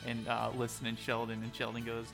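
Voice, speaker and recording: A man's voice: medium pitch, completely flat delivery, a little fast, gravelly. A man narrating a tabletop game as game master, in a casual, crude, rambling way. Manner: casual, crude, filler-heavy. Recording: faint music behind.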